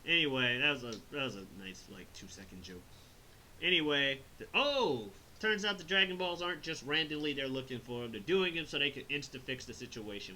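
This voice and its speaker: A man's voice: mid-range voice, bright, forceful tone, slight background noise, rough recording. A man hosting a casual review chat, rambling, swearing and laughing as he recaps the story. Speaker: host reviewing an animated film.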